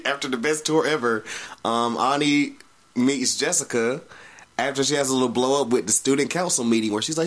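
A man's voice: medium pitch, fairly bright tone. A man hosting a casual podcast, recapping a show in a laid-back, profane way with frequent laughs. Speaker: podcast host.

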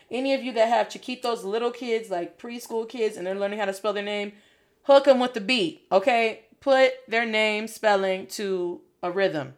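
A woman's voice: medium pitch, moderate pace. A woman coaching learners in a casual video lesson, encouraging and dropping Spanish phrases into her English.

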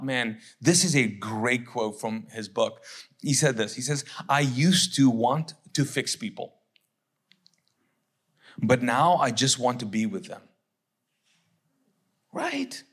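A middle-aged man, a pastor, preaching a conversational sermon, repeating phrases for emphasis and acting out listeners' objections in quick asides. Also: fairly high pitch, fairly bright tone, husky.

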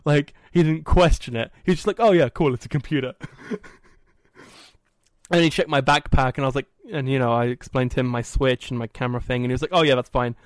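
A man hosting a podcast, telling a story in a casual, animated and self-mocking way. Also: mid-range voice, brisk, no room sound. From England. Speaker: podcast host. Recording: dry, poorly set up audio.

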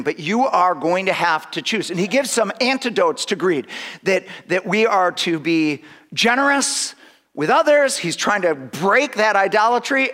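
Animated high-voiced male preacher. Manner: animated preaching, acting out voices, frequent laughs and restarts. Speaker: pastor. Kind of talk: sermon.

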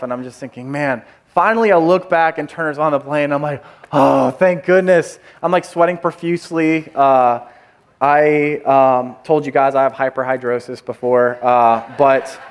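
Animated man preaching a casual sermon. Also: a little high, clean tone. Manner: conversational, animated storytelling with many fillers. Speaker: pastor. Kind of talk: sermon with personal story.

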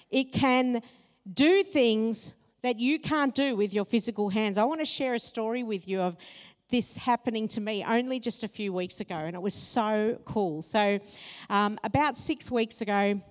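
Animated woman preaching in a reverberant hall. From Italian heritage. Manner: lively storytelling, rises in pitch when excited. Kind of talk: sermon with personal stories.

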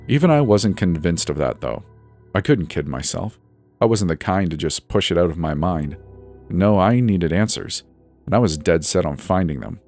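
A man reading a first-person horror story in a measured, suspenseful scripted narration. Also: deep voice, animated. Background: soft background music.

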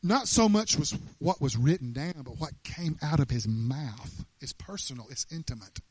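High-voiced man preaching a lively sermon. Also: normal speed, slightly rough, no echo. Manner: animated, emphatic, laughing often.

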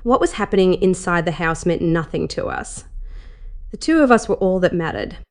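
A woman with a slightly low voice reads a first-person erotic story aloud. Her delivery is steady and measured, like a host narrating a scripted tale.

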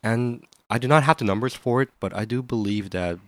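A man co-hosting a podcast, speaking in a measured, thoughtful way that sometimes stumbles over repeated words. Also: mid-range voice, dry recording. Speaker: podcast co-host. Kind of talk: casual podcast chat.

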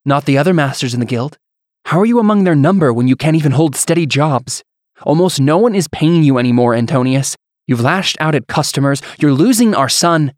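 A man voicing a blacksmith's weary wife who speaks in a sharp, accusing way. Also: medium pitch, fast talker, dry recording, clean studio sound, lightly acted. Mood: angry. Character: bitter, worn-down wife of a blacksmith.

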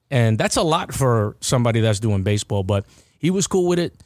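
A man's voice: mid-range voice, big pitch swings, a little fast, darkish tone, no room sound, clean studio sound. A man hosting a casual podcast chat, rambling with restarts and repeated words. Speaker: podcast host.

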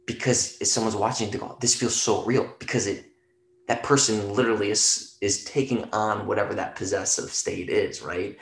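A man's voice: on the low side, fairly even intonation, normal speed, creaky, roomy sound. A man in casual podcast conversation, rambling loosely and swearing freely, packing his talk with fillers like "you know" and "right".

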